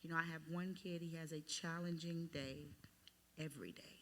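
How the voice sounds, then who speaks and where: A woman's voice: sits low, steady tone, normal speed, fairly bright tone, a little hiss or hum. A woman who is a Christian teacher, speaking reflectively in a casual podcast discussion and quoting what she tells a student.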